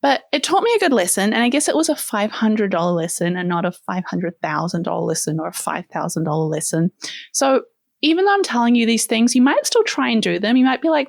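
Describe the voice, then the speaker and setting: Playful, chatty female host with a New Zealand accent, voice a bit high, dry recording. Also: sing-song, fairly quick, creaky, dry recording. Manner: chatty, playful, many "like" fillers. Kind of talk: casual chat.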